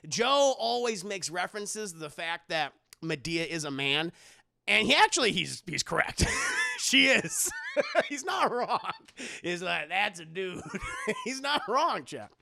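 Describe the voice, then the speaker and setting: A man's voice: high voice, unhurried, creaky, dry recording. A man streaming a casual, profane film recap, talking to his chat with lots of energy. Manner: animated, profane, talks to chat.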